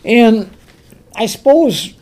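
Slow, animated preacher giving a sermon. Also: mid-range voice. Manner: emphatic, repeats key words; animated storytelling with restarts.

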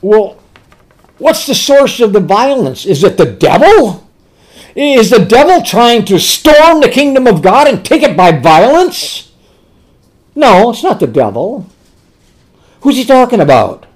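A preacher delivering a sermon in a very lively, rising-and-falling voice. He throws out rhetorical questions and answers them himself. On tender words he slows down and goes soft and quiet. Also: very high voice.

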